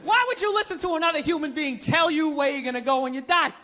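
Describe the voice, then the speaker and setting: High-pitched, profane stand-up comedian ranting. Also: male voice, quick pace, a little hiss or hum. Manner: animated, punchy delivery. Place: large stage before a live audience. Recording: live show, loud crowd laughter.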